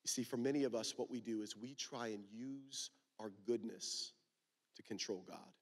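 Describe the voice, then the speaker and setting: A man's voice: medium pitch, fairly even intonation, normal speed. A man preaching a sermon at a youth conference, emphatic and full of rhetorical questions.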